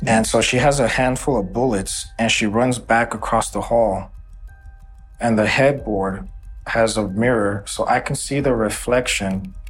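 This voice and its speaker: A man's voice: fairly low pitch, a little slow, soft background music. A man giving documentary interview testimony, recounting a shooting in an earnest, emotional first-person way.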